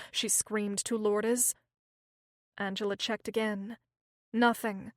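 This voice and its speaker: A woman narrating a thriller audiobook in a steady, measured reading. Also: medium pitch, no echo, studio quality. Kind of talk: scripted narration.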